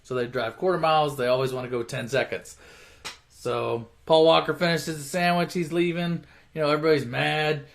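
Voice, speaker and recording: A man retells a movie plot in a loose, rambling way, swearing a lot and leaning on filler words. His voice is a little high and steady in tone, fairly quick, with vocal fry.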